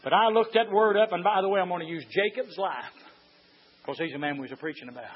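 A man preaching a fiery sermon, moving from quiet storytelling to high shouted exhortation. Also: fast, slightly rough. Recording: dull lo-fi church recording.

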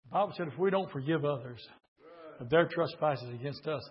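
Male revival preacher. Pitched high, swings from hushed pleading to full shouts. Dull, lo-fi recording. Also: fairly quick, breathy edge. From southern Indiana, USA. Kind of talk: revival sermon.

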